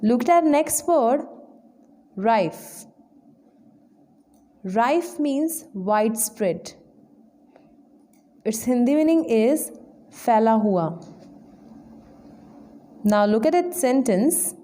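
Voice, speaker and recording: Female English trainer, high voice, deliberate slow lesson delivery. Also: animated, warm tone. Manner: slow, deliberate word-by-word explanation. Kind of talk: vocabulary lesson.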